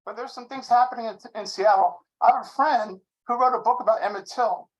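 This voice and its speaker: A man's voice: very high-pitched, brisk, highs cut off. Older male caller in his sixties, friendly and rambling. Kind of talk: casual chat.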